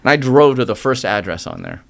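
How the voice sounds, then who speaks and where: A middle-aged man, a mortgage loan originator, telling his story in a casual interview with energy and animated retellings. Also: medium pitch, fairly quick, creaky.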